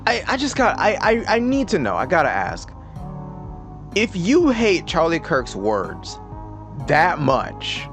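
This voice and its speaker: A man's voice: on the high side, wildly swooping pitch, slow, over music. A man ranting in casual political commentary, sarcastic, profane and exasperated.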